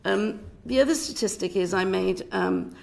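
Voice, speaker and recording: A woman's voice: medium pitch, normal speed, gravelly, darkish tone. A middle-aged British woman film director with a British accent, giving passionate, emphatic evidence to a committee, often restarting her sentences. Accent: British English. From Britain. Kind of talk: parliamentary committee testimony. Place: committee room.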